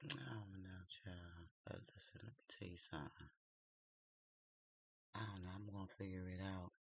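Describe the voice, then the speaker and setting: A man's voice: sits low, level tone, moderate pace, breathy edge, no room sound. A man vlogging at home while doing his makeup, telling a dating story in a gossipy, confiding way. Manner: gossipy and confiding, drawls "child" often. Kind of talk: casual storytelling chat.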